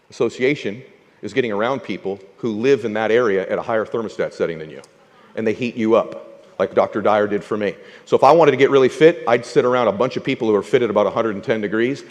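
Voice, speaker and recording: Energetic man giving a motivational talk. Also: mid-range voice, long reverb tail. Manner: energetic storytelling, punchy rhetorical questions. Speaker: motivational speaker. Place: stage before an audience.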